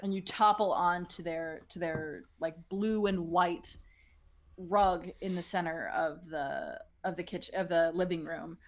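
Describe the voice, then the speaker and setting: A woman's voice: lowish voice, unhurried, slight background noise. A woman running a tabletop role-playing game, narrating loosely with frequent restarts and laughter. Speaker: game master.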